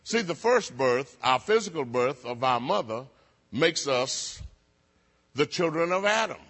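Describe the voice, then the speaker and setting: A preacher delivering a sermon with a husky, slightly high voice. He builds rhythmic repetitions and calls on the audience to answer back. His words ring out with the long reverb of a large hall. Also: fairly bright tone. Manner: rhythmic call-and-response preaching, repeating phrases.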